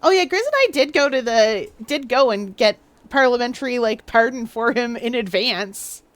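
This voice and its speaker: A woman's voice: a little high, lively intonation, moderate pace, dry recording. A woman streaming a game live, chatting casually in a playful, rambling, self-mocking way. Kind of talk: casual live gameplay commentary.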